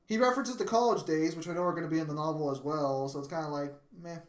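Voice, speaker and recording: A man streaming live, chatting casually and excitedly, swearing often and breaking into laughter. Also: a little high, quick pace.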